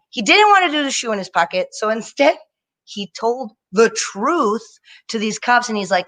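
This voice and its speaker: Animated young woman doing stand-up. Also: fairly high pitch, moderate pace. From Indian family. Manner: animated storytelling with mocking character voices. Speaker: stand-up comedian. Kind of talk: live-streamed stand-up set. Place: home, performing on a video stream.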